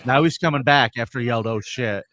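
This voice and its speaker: A man's voice: mid-range voice, fast talker, sharp tone, slight background noise. A man co-hosting a casual livestream, reading viewer comments aloud and teasing his partner. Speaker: co-host.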